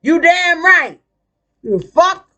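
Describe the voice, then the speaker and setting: A woman's voice: very high-pitched, very animated, takes it slowly, sharp tone, dull audio. A woman vlogger ranting in a casual monologue, blunt, profane and combative.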